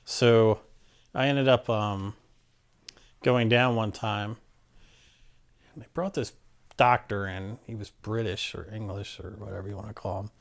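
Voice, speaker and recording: A man's voice: fairly low pitch, steady tone, measured pace, gravelly, long pauses. A man from Maryland being interviewed, telling a personal story in a plainspoken, rambling way and acting out the back-and-forth of old conversations. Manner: plainspoken, rambling, acts out quoted exchanges.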